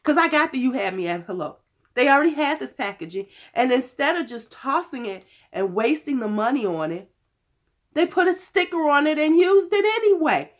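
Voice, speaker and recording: A woman in her fifties vlogging about beauty products in casual, blunt chat with cursing, her voice hoarse from being unwell. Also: sits high, very animated, moderate pace. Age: 50s. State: hoarse from illness.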